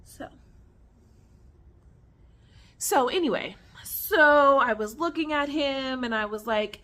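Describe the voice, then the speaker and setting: A young woman vlogger at home, casually telling a story to viewers in an animated, chatty way. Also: high voice, normal speed, hardly any pauses. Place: at home on the floor with her snake.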